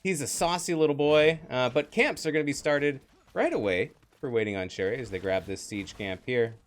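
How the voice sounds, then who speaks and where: A man casting a live online game match, jokey and animated, laughing often. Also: mid-range voice, moderate pace. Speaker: esports caster.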